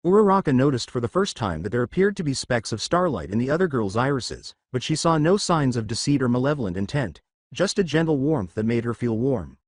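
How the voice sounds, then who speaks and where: A man narrating a fan fiction story aloud in a steady storytelling manner. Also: medium pitch, brisk, dry recording, clean studio sound.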